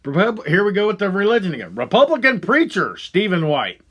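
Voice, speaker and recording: Man ranting angrily, lively pitch. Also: a little fast. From Ohio. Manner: profane, heated, swings from loud outbursts to low mutters. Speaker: podcast host. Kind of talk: angry ranting monologue.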